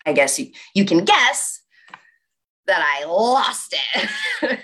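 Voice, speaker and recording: A young woman giving a motivational talk, telling a personal story in an animated way with lots of "like". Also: mid-range voice, slow. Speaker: speaker.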